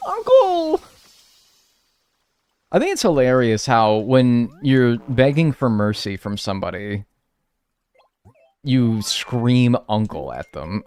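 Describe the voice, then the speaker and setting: A man from North America giving casual live commentary while playing a game, rambling and joking, with sudden loud yelps. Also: mid-range voice, clear, resonant tone. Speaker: streamer playing a life-sim game.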